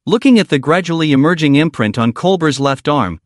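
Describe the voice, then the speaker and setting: A man narrating a story recap in a steady storytelling manner. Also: a little high, brisk, few pauses, no room sound, clean studio sound.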